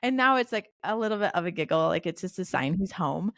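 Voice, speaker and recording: Candid woman telling lively anecdotes. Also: on the low side, fast, no room sound, clean studio sound. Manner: candid, animated anecdotes with quoted dialogue. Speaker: podcast guest. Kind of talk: conversational interview storytelling.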